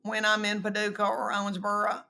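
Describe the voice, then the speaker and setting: A middle-aged woman, telling animated stories and acting out quoted voices in a casual chat. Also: mid-range voice, brisk, creaky. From East Tennessee, US. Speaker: comedian guest.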